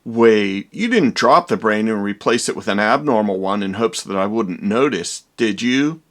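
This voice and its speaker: A man's voice: fairly low pitch, expressive, normal speed, close to an everyday voice. A man doing a theatrical young mad doctor. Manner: theatrical, exaggerated delivery. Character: young male doctor, dramatic, vain, slightly pompous. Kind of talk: comedy parody voice acting.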